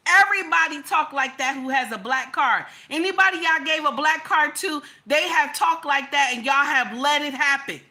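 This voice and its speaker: At normal speed with few pauses, a livestream host harangues her chat in a high-pitched, pushed, bright voice. She's preachy and emphatic, repeats points, and keeps asking "okay?"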